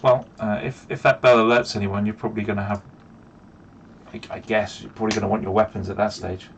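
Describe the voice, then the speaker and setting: Man, game master over video call, animated narrator, slight background hiss. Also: on the low side. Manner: animated, quick narration with playful asides. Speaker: dungeon master. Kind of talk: running a tabletop game online.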